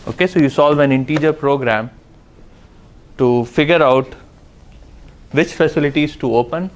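A man's voice: a little high, moderate pace, low-quality recording. Man lecturing in a classroom. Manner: explains step by step with frequent "uh" and "okay". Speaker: university lecturer. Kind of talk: classroom lecture on game theory.

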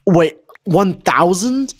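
A man's voice: high-pitched, expressive, takes it slowly, a crowd in the background. A young man chatting casually with a friend while they play a game, whiny and playfully dramatic. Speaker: gaming co-player. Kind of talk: casual gaming chat.

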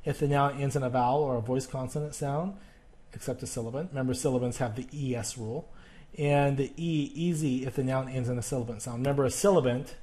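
A male teacher talks through a recorded grammar lesson in a warm, mellow voice. He speaks haltingly, restarting sentences and filling pauses with "um" and "uh" as he explains. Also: mid-range voice. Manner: halting, with many fillers and restarts.

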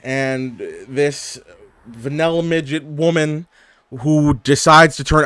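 A young man giving casual, animated gameplay commentary as a gaming YouTuber, trash-talking and exclaiming. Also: fairly high pitch, slow, clear, resonant tone, no echo, faint music behind. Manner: animated trash talk, frequent laughs and exclamations.

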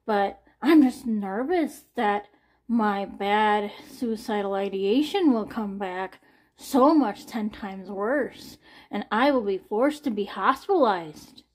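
A woman in her forties talking candidly in a personal vlog. She sounds anxious and near tears, and her speech is halting, with sighs, swearing and repeated words. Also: medium pitch, darkish tone. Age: 40s. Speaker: vlogger.

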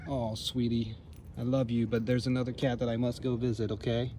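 Guy with a soft dark voice doing baby talk to kitties on a street walk vlog. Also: mid-range voice, level tone, fairly quick, a little hiss or hum. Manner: gentle baby talk to cats. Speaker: vlog co-host. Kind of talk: casual walking vlog. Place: outdoor neighborhood street.

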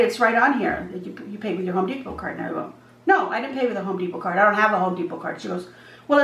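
A woman vlogger casually telling a storytime anecdote, retelling the back-and-forth and acting out the other people's lines as she goes. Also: fairly high pitch. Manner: animated retelling, acts out dialogue. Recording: echoey room, voice a bit far from mic, faint background hum.

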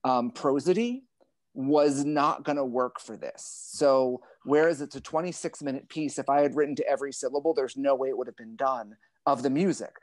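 Man, librettist type, digressive and wry on a video call; mid pitch, dry. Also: normal speed, no room sound. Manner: thoughtful, digressive, wry and self-deprecating. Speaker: librettist and translator. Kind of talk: casual conversation over a video call.

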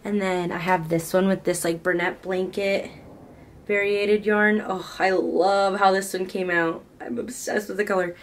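A woman in her twenties chatting casually in a crochet vlog from her home office, gushing and excitable. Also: mid-range voice, unhurried, recorded from a distance, a little hiss or hum. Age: 20s. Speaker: crochet vlogger.

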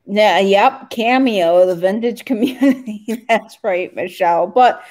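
A woman chats as a guest, easygoing and quick to agree and laugh along. Her voice has a middle pitch and a plain, relaxed delivery. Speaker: guest co-host. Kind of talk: casual chat.

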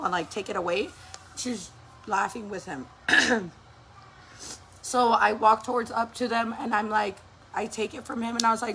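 A woman's voice: fairly high pitch, moderate pace, a little hiss or hum. A woman in her thirties, a mother, telling a story in a casual vlog, cursing and acting out what people said. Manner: animated, profane, acts out quotes. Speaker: mother vlogger.

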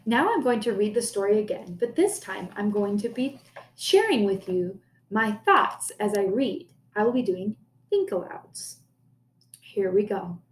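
A woman teacher reading a folk tale aloud for a listening lesson, with clear, careful pacing. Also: mid-range voice, animated, measured pace, slight background noise. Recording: echoey room.

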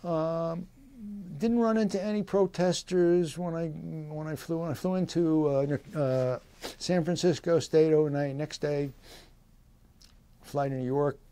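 A man's voice: a little high, fairly even intonation, a little slow, mellow, smooth, dry recording. A man in his eighties, a veteran, recalling his service in an oral history interview, rambling with fillers and short laughs. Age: 80s. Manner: voices quoted people in livelier tones.

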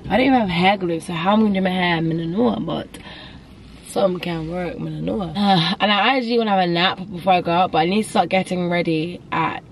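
A woman's voice: on the low side, fast. A young woman vlogging in a rambling, chatty way, talking herself through her day. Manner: rambling, chatty, self-talk. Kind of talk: casual vlog chat. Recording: noisy background.

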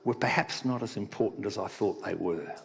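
A man preaching a sermon as pastor, talking in a relaxed, conversational way and telling a playful joke. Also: lowish voice, fairly quick, vocal fry, a little hiss or hum. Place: church hall. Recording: long reverb of a church hall.

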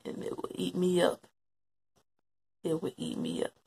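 Woman interviewee, husky voice, slow and reflective personal testimony that repeats lines for weight. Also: lowish voice, sing-song, mellow. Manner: reflective, repeats phrases for emphasis. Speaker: interviewee recalling her brother.

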